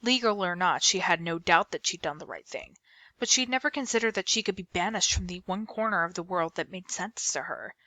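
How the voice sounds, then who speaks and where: Bright-voiced woman reading a novel aloud. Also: lowish voice, brisk, no room sound. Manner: expressive storybook reading. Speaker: book reader.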